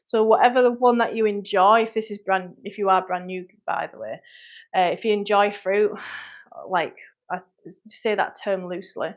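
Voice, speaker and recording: A woman, a personal trainer answering viewer questions on a live stream in a frank, chatty way. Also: mid-range voice. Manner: frank, chatty, quick asides to commenters. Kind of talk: livestream Q&A, reading viewer comments. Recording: dull lo-fi livestream audio.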